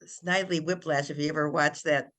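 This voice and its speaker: An older woman, a children's author, chatting in an interview and retelling her story in an animated way with frequent restarts. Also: deep voice, fast talker. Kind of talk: casual interview chat.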